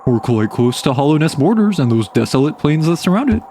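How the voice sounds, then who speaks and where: A man's voice: sing-song, brisk, dark tone, slight background noise. A man voicing a cheerful, polite male mapmaker bug traveler in a game. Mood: pleasant. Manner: polite, conversational, lower put-on voice.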